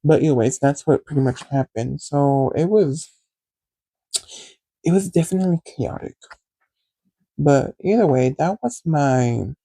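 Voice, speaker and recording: Sassy, gravelly young man with inflection. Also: fairly high pitch, animated, a little slow, pauses often, dark tone, dry recording. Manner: sassy, profane, dramatic retelling with squealed quotes. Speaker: podcast host. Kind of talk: casual storytelling monologue. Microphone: phone.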